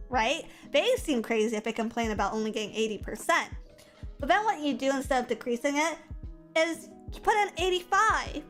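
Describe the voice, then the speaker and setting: A woman's voice: sits high, a bit bright. A young woman streamer chatting casually and playfully, with lots of silly vocal play. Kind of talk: casual chat. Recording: faint music behind.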